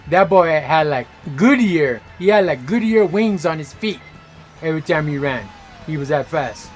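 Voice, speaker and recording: A man streaming a game, telling stories in a casual, animated way, full of slang and swearing. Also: on the high side. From Los Angeles area. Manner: animated, slangy, swears freely, laughs loudly. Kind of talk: casual storytelling chat while gaming.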